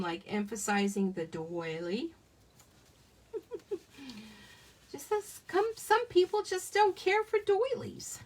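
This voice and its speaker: A woman's voice: fairly high pitch, fairly bright tone. Middle-aged lady chatting thru a card-making demo at her desk, jokey, voice kinda far off the mic. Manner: chatty and self-joking, laughs often. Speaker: craft demonstrator. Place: home craft desk.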